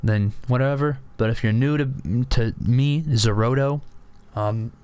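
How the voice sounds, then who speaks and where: A man's voice: medium pitch, measured pace, a little mellow, smooth. A young man with a sore throat, rambling casually at his desk about items he collects, full of restarts and fillers. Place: home room at a desk.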